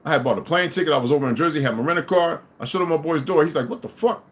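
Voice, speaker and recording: A man's voice: on the high side, rapid-fire. A middle-aged man delivering an angry, profane ranting monologue to his audience, swearing and insulting as he goes. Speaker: livestream host.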